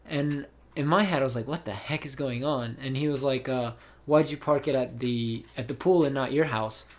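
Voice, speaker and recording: Over a voice call, a young man who hosts a podcast tells stories in an easygoing, conversational way. His voice is mid-range and his pace moderate. He wanders as he talks, peppering it with ums and frequently starting over.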